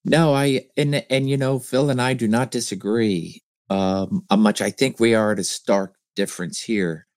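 A male podcast co-host in casual chat, thoughtful and halting, restarting his sentences often. His voice is very low and sounds close and dry. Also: fairly even intonation, dry recording. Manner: hesitant, many restarts, thoughtful.

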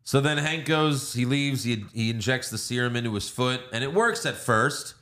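A man's voice: mid-range voice, animated, normal speed, a bit bright. A man hosting a casual movie review podcast, retelling scenes and acting out lines with plenty of swearing. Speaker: podcast host.

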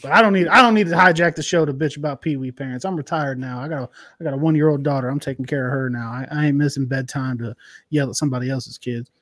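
A man's voice: medium pitch, fast talker, a bit bright, no room sound. A man co-hosting a sports podcast, joking and teasing in casual, profane chat. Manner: joking, teasing, swears freely. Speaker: podcast co-host.

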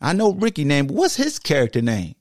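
A man hosting a sports podcast, talking with emphatic repetition that swings between low, heavy stretches and high, excited bursts. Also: a little fast, dry recording, studio quality. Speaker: podcast host and former football player. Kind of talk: impassioned monologue.

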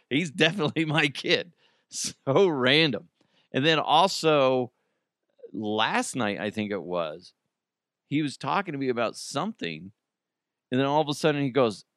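A man's voice: medium pitch, a bit bright, no room sound, studio quality. A man in his thirties, a podcast host, telling stories in a casual, joking monologue and laughing often.

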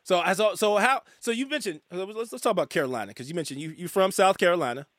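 A man's voice: high voice, quick pace, fairly bright tone, dry recording, clean studio sound. A man hosting a casual interview, stumbling and restarting his questions. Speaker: podcast host.

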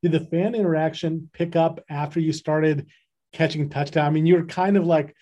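Slightly high-voiced male interviewer. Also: fairly even intonation, moderate pace, warm tone. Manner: conversational, hedging with fillers. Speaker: interviewer, host. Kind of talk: casual interview questions.

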